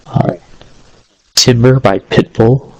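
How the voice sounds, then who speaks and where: A young man in casual chat, opinionated and full of fillers, with a slightly low voice. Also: slow pace, a little mellow, no room sound, poor audio.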